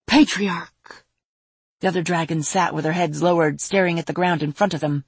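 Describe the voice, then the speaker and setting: A woman reading a fantasy audiobook in an even, measured, breathy voice. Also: low voice, no room sound. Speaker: narrator. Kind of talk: audiobook narration of a fantasy story.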